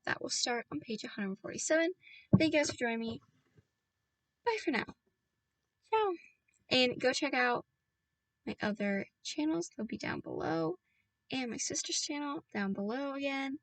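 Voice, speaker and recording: A woman reading a children's book aloud in a lively, expressive way. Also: high-pitched, creaky, dry recording, distant mic. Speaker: audiobook reader.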